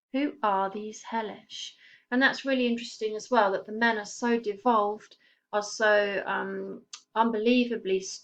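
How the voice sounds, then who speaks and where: A woman walks her students through a poem line by line. She explains each image at a measured pace and leans hard on the words that matter. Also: medium pitch, a bit bright. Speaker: teacher. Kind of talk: poetry lesson, explaining text.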